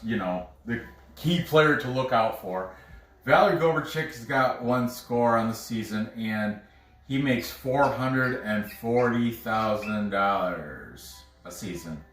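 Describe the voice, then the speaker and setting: A man's voice: medium pitch, fairly bright tone. A man casually breaking down soccer matches for bettors, thinking aloud and stumbling over names. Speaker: sports betting analyst. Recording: roomy, mic at a distance.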